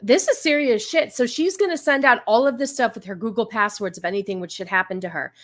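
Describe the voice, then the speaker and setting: A woman's voice: a little high, quick pace. Chatty woman hosting a live stream. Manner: chatty, greets viewers, hesitant fillers. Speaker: stream host. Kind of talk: casual live-stream chat.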